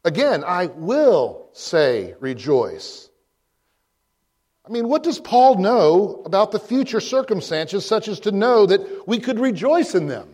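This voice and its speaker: A man preaching a sermon as pastor, posing emphatic rhetorical questions with frequent pauses. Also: high voice, expressive, a little mellow. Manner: slow, deliberate delivery with frequent pauses.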